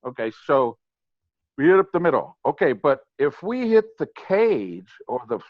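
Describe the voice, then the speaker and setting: A man's voice: on the high side, sing-song, normal speed, no echo. An older man, a guest on a podcast, explaining baseball hitting in an emphatic, matter-of-fact way. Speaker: guest, former ballplayer and hitting coach. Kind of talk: casual podcast conversation. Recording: slightly dull, lo-fi sound.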